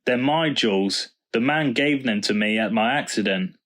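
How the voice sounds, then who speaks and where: A small, childlike talking car who begs quickly and eagerly, voiced by a male storyteller. She sounds innocent and a little anxious. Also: medium pitch, fairly bright tone, close to an everyday voice. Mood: pleading. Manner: quick and pleading. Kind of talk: storybook reading.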